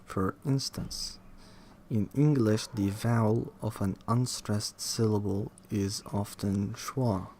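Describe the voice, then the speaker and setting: A man reading aloud from a linguistics textbook, halting, restarting words and questioning the text as he goes. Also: on the low side, fairly even intonation, mellow, a little hiss or hum. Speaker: reader studying a linguistics textbook. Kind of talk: reading aloud with self-commentary.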